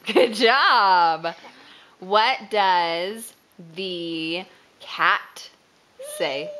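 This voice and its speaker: A woman's voice: lowish voice, fairly bright tone. A woman at home patiently asking her toddler for animal sounds and signs, praising each try and laughing often. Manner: slow, encouraging, praising with frequent laughs. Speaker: parent.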